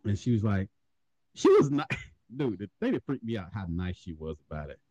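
A man's voice: lowish voice, huge pitch swings, normal speed, mellow, dry recording, lo-fi sound. A man telling a funny story in a casual podcast chat, swearing often and laughing through it.

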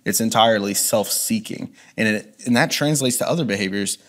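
A man's voice: lowish voice, brisk. A man reflectively sharing a personal testimony as an interview guest, with frequent restarts. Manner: earnest, reflective, many restarts.

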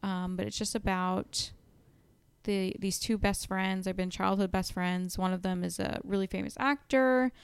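A woman's voice: mid-range voice, steady tone, normal speed, smooth, no echo. A young woman co-hosting a podcast, chatting casually and retelling book plots with lots of "like" and "um". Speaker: podcast co-host. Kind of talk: casual chat.

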